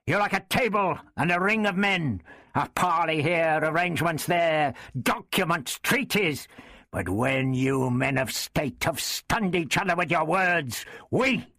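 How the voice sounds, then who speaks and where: A man voicing a fierce, hot-headed crusader earl who talks in a loud, scornful, emphatic way. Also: a little high, expressive, measured pace, dry recording, clean studio sound, voice pushed up, exaggerated voice. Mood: sneering.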